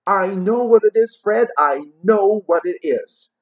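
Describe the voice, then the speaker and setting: A man's voice: high-pitched, expressive, measured pace, voice pushed up, rough recording. A man putting on a squealing, gleeful plump young woman.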